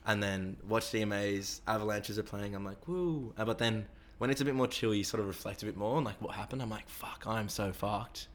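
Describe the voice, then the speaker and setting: Young aussie guy talking fast, kinda low voice, swears a lot, bit of background hiss. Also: level tone. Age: young adult. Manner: fast, rambling, acts out quoted voices. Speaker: interviewee. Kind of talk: casual storytelling with heavy swearing.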